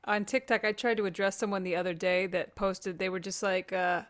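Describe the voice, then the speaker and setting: A woman's voice: medium pitch, fairly even intonation, fairly quick. A woman hosting a podcast, chatting candidly and laughing easily with her guest. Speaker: podcast host. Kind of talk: casual chat.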